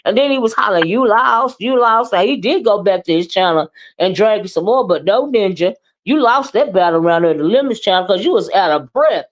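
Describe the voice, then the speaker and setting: A woman hosting a casual live-stream gossip show, talking in a sassy, emphatic, drawn-out way. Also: medium pitch, animated. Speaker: live-stream commentary host.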